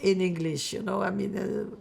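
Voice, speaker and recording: An older woman from France giving oral history testimony, reflective and halting, with many fillers as she searches for words. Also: medium pitch, steady tone, gravelly, a little mellow, husky. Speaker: Holocaust survivor interviewee.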